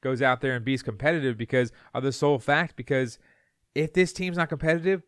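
A man's voice: mid-range voice, fairly quick, clear, resonant tone, no room sound, clean studio sound. A man co-hosting a sports podcast, opinionated and jokey, arguing his point in loose chat over a remote call. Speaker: podcast co-host. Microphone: remote call mic.

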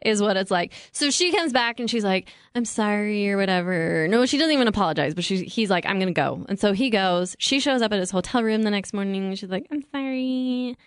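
A woman's voice: mid-range voice, lively intonation, fairly quick, few pauses, clear, resonant tone, dry recording, clean studio sound. Opinionated woman podcast co-host. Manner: opinionated, narrates events step by step. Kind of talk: casual chat recapping a reality show.

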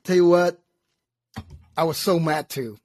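A man telling a story in casual chat, animated, acting out both sides and laughing at himself. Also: on the high side, measured pace, no echo.

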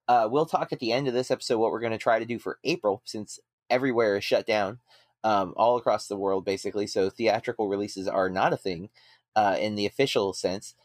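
A man's voice: fairly low pitch, no echo, clean studio sound. Easygoing man hosting a podcast. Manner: easygoing, frequent ums and uhs. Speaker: podcast host. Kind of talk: casual podcast chat.

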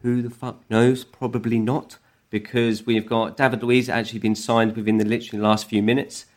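Man, mid-pitched voice, podcast co-host, rambling, easygoing, sweary. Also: little pitch movement, brisk. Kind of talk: casual football podcast chat.

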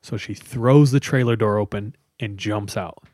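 A man's voice: lowish voice, normal speed, darkish tone, no echo, clean studio sound. A man casually retelling a scary story to friends, chatty and loose, with lots of fillers. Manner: conversational, loose with many fillers.

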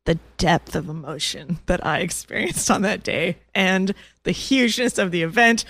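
A woman co-hosting a podcast in casual chat, gushing and excitable as she talks. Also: on the low side, moderate pace, no room sound. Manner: gushing, excitable fan talk with laughs. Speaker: podcast co-host.

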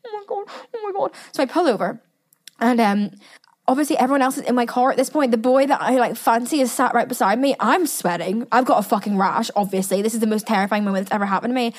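A young British woman telling a story in a casual monologue as podcast host, animated and swearing freely with chatty asides. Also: a little high, quick pace.

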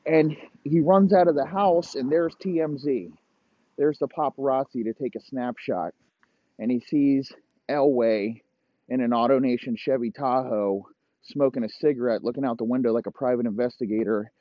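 A young man hosting a comedy podcast, rambling through a crude, profane made-up story and dropping into low mock voices for the characters. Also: normal speed, warm tone, dry recording. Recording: dry, muffled lo-fi audio.

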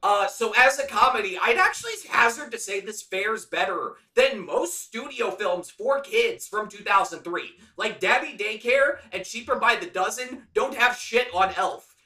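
Bright-voiced man, a bit off-mic. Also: high voice, animated, moderate pace, hardly any pauses, reverberant, far from the mic. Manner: profane, enthusiastic riffing. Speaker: podcast co-host. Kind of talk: casual film review chat.

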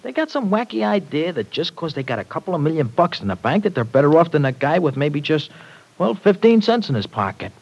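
A streetwise young working-class tough, talking slangy New with dropped grammar. His fairly high voice swings all over the place in classic 1940s radio-drama style. The sound is an old radio broadcast recording. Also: sing-song, brisk, vocal fry, heavily acted, poor audio.

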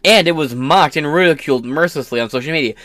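A man's voice: on the high side, fast, fairly bright tone, dry recording. A man hosting his own podcast, ranting in a profane, sarcastic and combative way. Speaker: podcast host.

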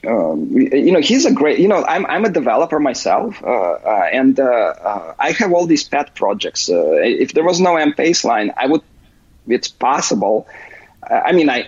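Male podcast guest, husky, halting delivery, dull dry recording. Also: mid-range voice, no room sound. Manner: halting, full of "you know" fillers and restarts. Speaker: interview guest, software developer. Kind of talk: casual interview.

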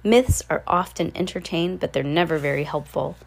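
A woman's voice: low voice, moderate pace, gravelly. A woman voicing an anxious, bookish boy, the middle sibling, in a storybook reading. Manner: anxious, gloomy.

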